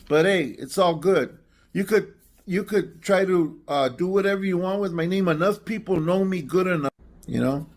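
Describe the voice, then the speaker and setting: An older man speaks in a casual ranting monologue, defensive and stammering through restarts. His voice sits a little higher than most men's. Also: a little slow, pauses often. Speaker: guest in a played clip.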